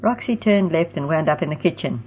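A woman narrating a storybook in a steady, even reading voice. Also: deep voice, a little fast, a little hiss or hum. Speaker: audiobook narrator. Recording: tinny phone-like sound.

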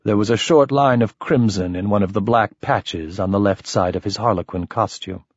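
A man narrating a first-person story in an expressive, lively manner. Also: on the low side, normal speed, no room sound, lo-fi sound. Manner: expressive, shifting voices for characters. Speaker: audiobook narrator.

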